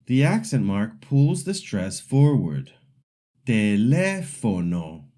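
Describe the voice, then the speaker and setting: A man narrating a scripted language lesson as the teacher, explaining rules patiently and slowly modeling example words for the listener to repeat. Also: medium pitch, mellow.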